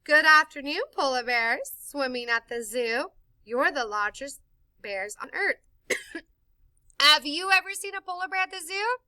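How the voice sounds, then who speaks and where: A woman reading a picture book aloud to children in an animated, sing-song way, stopping to explain words. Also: high-pitched, measured pace, no room sound. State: tickle in her throat. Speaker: storytime reader for children.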